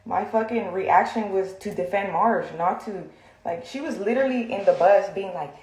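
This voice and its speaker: A woman's voice: mid-range voice, fairly quick, dark tone, echoey room, rough recording. A woman venting heatedly on a livestream, confrontational and full of fillers, recorded on a phone in a room.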